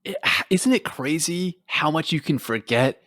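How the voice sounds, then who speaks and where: A man originally from Houston, Texas, who now lives in Amsterdam, co-hosts a casual podcast remotely. His slightly high voice is unhurried, recorded dry with clean studio sound, and he tells stories animatedly, laughing often and acting out quotes.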